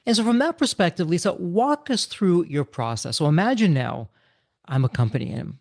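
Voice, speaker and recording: A man's voice: high-pitched, animated, moderate pace, vocal fry, darkish tone, dry recording, clean studio sound. A man hosting a business podcast interview, recapping his guest's points back to her in a conversational way. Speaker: podcast host.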